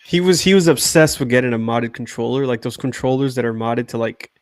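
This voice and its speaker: A man's voice: mid-range voice, fairly quick, no room sound, clean studio sound. A young man chatting casually with friends as co-host, rambling and laughing through stories. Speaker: podcast co-host. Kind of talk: casual chat.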